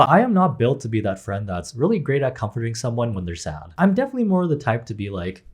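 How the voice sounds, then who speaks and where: A man giving casual commentary as a YouTuber, with sarcastic, deadpan jokes. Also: mid-range voice, brisk, few pauses, husky.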